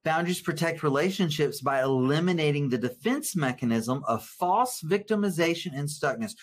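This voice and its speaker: Earnest male therapist lecturing in a webinar, animated, restarts words when worked up. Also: on the high side, moderate pace, hardly any pauses, a little hiss or hum. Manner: reads viewer comments aloud.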